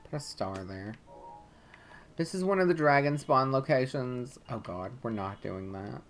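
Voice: medium pitch, lively intonation, unhurried, faint music behind. A let's play gamer giving casual gameplay commentary, swearing often and muttering irritably at the game.

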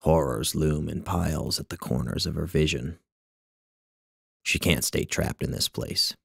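A man narrating his own literary short story in a measured, wry way. His voice is extremely deep and gravelly with plenty of fry. The recording is close and completely dry, with no room sound at all. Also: a bit bright, no room sound.

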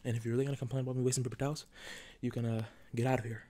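A man's voice: mid-range voice, little pitch movement, racing, warm tone, slight background noise. A man rambling chaotically in whispered ASMR, joking and jumping between whispers and spoken talk, close to the mic at home. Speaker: ASMR creator. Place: at home, sitting before a camera. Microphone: ASMR microphone, close.

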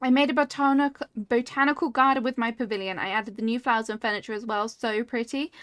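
A woman's voice: a little high, a little fast, no room sound, clean studio sound. A woman streaming a cozy building game, gushing over viewers' builds and reading chat aloud in casual talk. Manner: gushing, easily delighted, reads chat aloud. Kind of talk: casual livestream chat while playing.

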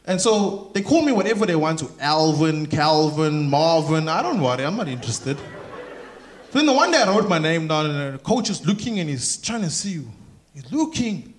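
A South African man doing a stand-up comedy routine on a theatre stage, telling animated stories and acting out other people. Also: high voice, moderate pace. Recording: roomy theatre sound with crowd noise. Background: laughing audience.

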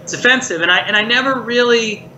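A man's voice: extremely high pitch, fast talker, bright, forceful tone, highs cut off. A middle-aged puppeteer from Maryland, chatting reflectively in an interview and filling his talk with "like" and "you know". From Maryland, United States. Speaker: puppeteer and voice actor, guest. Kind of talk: casual interview chat. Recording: roomy echo, faint hiss.

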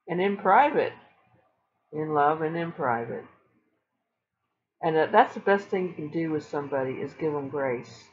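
A woman with a low voice preaches casually to her online viewers, earnest and emphatic, repeating phrases for stress. She is an online Christian speaker, and the high frequencies in the recording are cut off.

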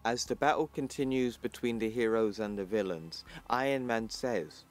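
A man hosting his channel, narrating a comic book story in plain, even storytelling and reading the characters' lines in his own voice. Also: mid-range voice, normal speed, few pauses. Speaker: channel host.

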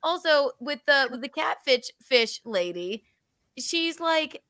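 A woman from the South, joking and animated in podcast chat. Her tone is bright and forceful, and the sound is dry and close. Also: high-pitched, slow pace, no echo. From American South. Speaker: podcast co-host.

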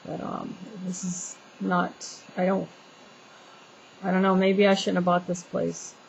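A woman's voice: lowish voice, little pitch movement, a little slow, vocal fry, slight background noise, low-quality recording. A woman venting in a casual vlog, talking in an exasperated, rambling way with many restarts and fillers. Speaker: homeowner venting to viewers.

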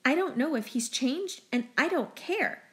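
A woman's voice: sits high, lively intonation, measured pace, fairly bright tone, voice pushed up. A furious, protective middle-aged mother scolds in clipped, seething tones, as a woman narrator reads her lines. She is cold and bitter, an audiobook parent who won't budge.

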